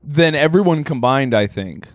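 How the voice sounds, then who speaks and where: A man's voice: a little high, lively intonation, moderate pace, no echo, clean studio sound. A man in his thirties co-hosting a comedy podcast, laughing often and ribbing his co-host with mock outrage. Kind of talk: casual comedic banter. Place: home studio room.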